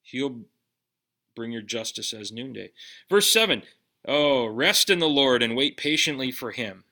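Bright-voiced man preaching a sermon. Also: mid-range voice, animated, a little slow. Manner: conversational preaching, direct questions to listeners. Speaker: pastor.

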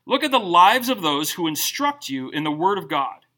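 A man's voice: high-pitched, normal speed. A middle-aged male pastor preaching a sermon, joking and acting out quotes as he tells stories. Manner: animated, joking storyteller who acts out quotes.

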